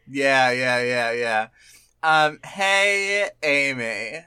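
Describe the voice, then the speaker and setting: A man's voice: medium pitch, drawn-out words, pushed and bright, clean tone, no echo, studio quality. A man co-hosting a podcast in casual, teasing banter, laughing often. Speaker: podcast co-host.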